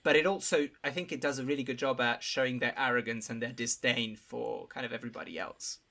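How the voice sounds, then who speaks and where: A man with a bright, forward voice talks through a film on a podcast. He often stops, restarts and fills gaps with small sounds as he thinks. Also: medium pitch, vocal fry. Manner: halting, many fillers and restarts. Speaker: podcast panelist. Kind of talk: casual film discussion.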